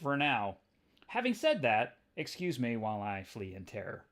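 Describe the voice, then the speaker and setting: A man's voice: medium pitch, wildly swooping pitch, moderate pace, fairly bright tone. A man voicing a wisecracking young male spider-hero who talks with sarcastic quips. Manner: sarcastic, quippy.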